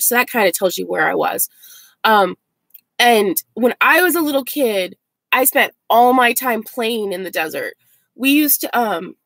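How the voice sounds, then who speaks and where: Talking live with her van-life vlog audience, this woman from the United States, in her forties, rambles cheerfully and fills her speech with likes and ums. Her pitch sits a little high, and the recording is dry.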